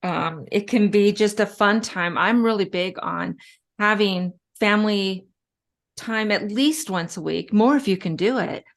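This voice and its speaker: A woman's voice: medium pitch, a little slow, vocal fry. Chatty middle-aged woman telling stories. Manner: chatty, storytelling, frequent fillers and laughs. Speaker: guest, respiratory therapist. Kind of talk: casual conversational interview.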